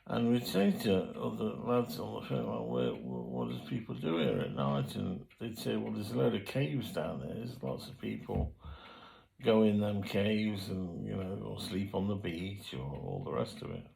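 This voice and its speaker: A man's voice: on the low side, sing-song, normal speed, creaky, darkish tone, poor audio. An older man, telling his own life stories in a rambling, colloquial way, full of fillers and restarts. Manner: rambling, colloquial, frequent fillers and self-corrections. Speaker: memoir storyteller. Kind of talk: casual spoken memoir.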